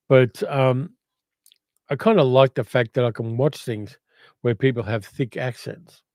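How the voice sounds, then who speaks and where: A man's voice: mid-range voice, dark tone, dry recording. An older man with an educated Australian accent, hosting a casual livestream and reading out viewer comments in a reflective, rambling way. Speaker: livestream host.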